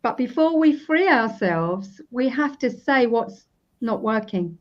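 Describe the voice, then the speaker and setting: A woman's voice: fairly high pitch, animated, takes it slowly. A woman in her fifties, a practitioner being interviewed, explaining her technique and acting out sample self-talk as she goes. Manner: demonstrative, acts out sample self-talk while tapping. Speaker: EFT practitioner, guest. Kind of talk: casual interview. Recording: dull lo-fi recording.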